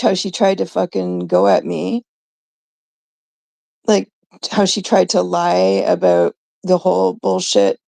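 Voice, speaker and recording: A woman's voice: on the low side, vocal fry, warm tone. A woman host ranting indignantly in a rambling, profane monologue about online drama. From Canada. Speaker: livestream host.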